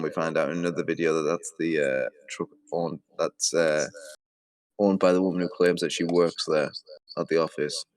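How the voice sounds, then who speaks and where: A man with a low voice rants through video commentary, swearing constantly and sounding exasperated. The recording is dry and close. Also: no room sound. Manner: profane, exasperated ranting. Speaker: commentary host.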